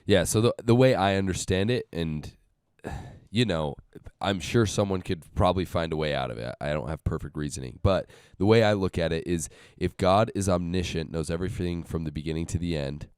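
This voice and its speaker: A very deep, smooth, resonant male voice works through an argument one step at a time, measured and deliberate. It is recorded dry and close, with no room sound. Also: a little mellow, no room sound. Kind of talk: casual podcast discussion.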